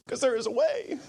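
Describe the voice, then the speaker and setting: A man's voice: extremely high pitch, darkish tone. A male pastor preaching a sermon, dropping to whispers and rising to urgent, raised lines, a bit sniffly and emotional.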